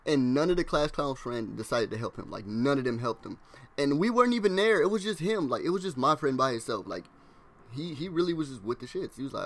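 A young man casually telling a story to his vlog audience. He rambles in slang, fills his speech with "like", and acts out classmates' lines in quick impressions. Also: medium pitch, animated, fairly bright tone.

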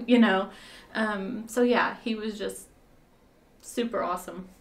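A woman's voice: mid-range voice, measured pace, creaky. A woman volunteer telling a story in conversation, rambling with fillers and restarts and often breaking into laughter.

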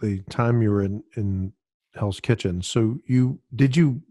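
A man's voice: fairly low pitch, unhurried, dark tone. A man hosting a podcast, asking rambling questions and adding short agreeing replies. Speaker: podcast host. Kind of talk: casual interview.

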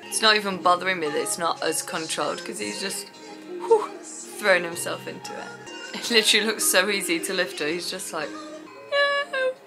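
Excitable gushing woman with a gravelly edge. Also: fairly low pitch, quick pace, rough recording. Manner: excitable, gushing, squeals and laughs. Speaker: dance vlogger reacting to a TV show. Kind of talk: casual reaction commentary. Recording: loud TV music behind the voice. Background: TV show music playing.

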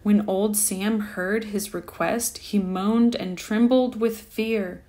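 A woman reading a rhyming children's picture book aloud with a lively, rhythmic delivery. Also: medium pitch, slow pace. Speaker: storyteller.

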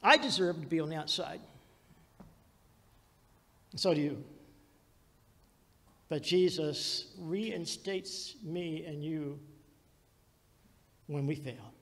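Pastor guy preaching, kinda high gravelly voice, big reverb, goes loud then quiet. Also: takes it slowly, pauses often. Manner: dramatic storytelling preacher, swings between loud and hushed. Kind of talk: sermon.

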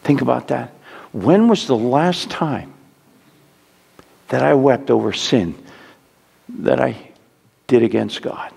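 A man's voice: medium pitch, animated, slow pace, gravelly, long pauses, a little mellow, husky, long reverb tail. A man preaching a sermon as pastor, earnest and pleading, often repeating words as he urges his listeners on. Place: church sanctuary.

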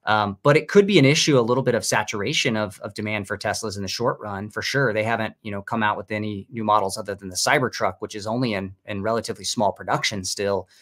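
Measured lower-voiced market talker. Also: male voice, a bit bright. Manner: measured, analytical, hedging with "you know". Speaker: co-host. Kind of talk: casual market commentary.

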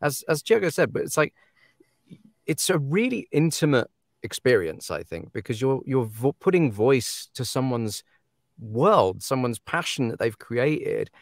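Animated audiobook narrator, dry sound. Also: male voice, medium pitch, measured pace, dry recording. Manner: animated, laughing, acts out quoted authors. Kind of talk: casual podcast chat.

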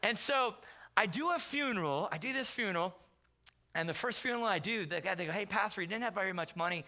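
In a church sanctuary, a guest pastor with a high-sitting voice preaches at a quick pace. His sermon is built on animated, comic stories in which he acts out the voices and quotes of the characters.

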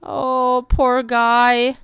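Woman, game streamer, smooth clear voice, dry close sound, animated exclaiming. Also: on the high side, no echo. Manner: animated, bursts of exclaiming and quick read-outs. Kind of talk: live gameplay commentary.

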